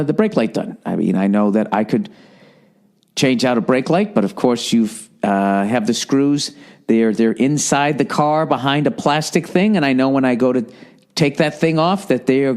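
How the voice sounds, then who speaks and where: A man talks alone on his podcast in a loose, rambling way. He swears freely and keeps restarting his sentences. His voice sits at an ordinary middle pitch, and he drops now and then into sarcastic mimicry. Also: darkish tone. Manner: profane, exasperated rambling with frequent self-interruptions; slips into mocking put-on voices. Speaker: podcast host. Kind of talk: casual solo monologue.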